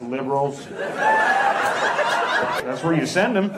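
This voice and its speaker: A man doing stand-up comedy, firing off punchy one-liners and quick asides to the crowd on a club stage. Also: mid-range voice, animated, very noisy. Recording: echoey club with loud audience laughter. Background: audience laughing and applauding.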